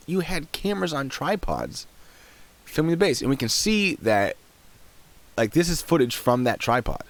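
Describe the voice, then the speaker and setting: A young man giving casual live-stream commentary, chatty and quick to laugh, often trailing off while he clicks around. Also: medium pitch, sing-song. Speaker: streamer reacting to videos and chat.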